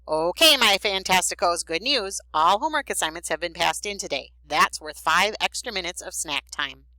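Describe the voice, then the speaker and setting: A woman's voice: on the low side, animated, moderate pace, bright, forceful tone, no room sound, low-quality recording. A woman voicing an upbeat male schoolteacher who speaks cheerfully and carefully, in a storybook reading. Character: upbeat male teacher, gentle but serious.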